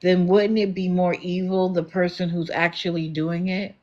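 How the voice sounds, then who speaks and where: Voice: mid-range voice, little pitch movement, moderate pace, a little mellow, lo-fi sound. A livestream host talking back to viewers in the comments, challenging and sarcastic.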